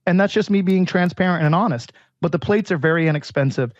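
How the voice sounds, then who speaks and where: A chatty man pitching his product with story after story, acting out what his customers said. His voice sits a little high and sounds dry and close, but dull and muffled, as if it came over a remote link. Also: fast talker, no room sound. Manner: chatty storyteller, repeats "he goes". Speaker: air purifier company president. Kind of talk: sales pitch with anecdotes.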